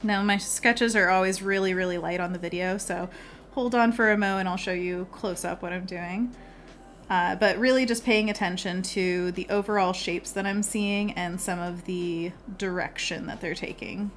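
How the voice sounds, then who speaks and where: A woman's voice: lowish voice, steady tone, moderate pace, slight background noise. A woman illustrator hosting a live painting stream, chatty and bubbly, laughing often as she talks through her work. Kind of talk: casual live painting chat.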